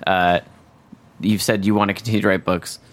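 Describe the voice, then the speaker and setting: A man hosting a podcast, asking a guest relaxed, curious questions. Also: sits low, a little fast. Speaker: podcast host. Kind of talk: casual interview chat.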